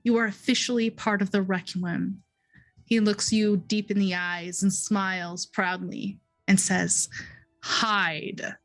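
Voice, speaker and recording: Slow, deliberate woman game master. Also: mid-range voice, flat delivery, faint music behind, poor audio. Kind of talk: narrating a dream sequence in a tabletop game.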